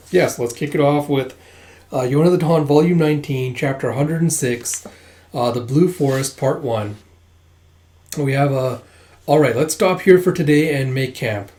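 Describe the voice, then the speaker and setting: A man hosting a channel, casually chatting with lots of fillers as he starts a manga readthrough. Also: mid-range voice. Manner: relaxed, filler-heavy chatter. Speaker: host.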